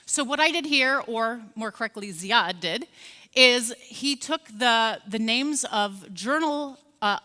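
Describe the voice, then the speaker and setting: A woman's voice: fairly high pitch, bright, forceful tone, big-room sound. A woman in her forties with an American accent, raised in Scotland, giving a friendly, conversational keynote lecture with many fillers. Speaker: keynote speaker. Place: large conference hall.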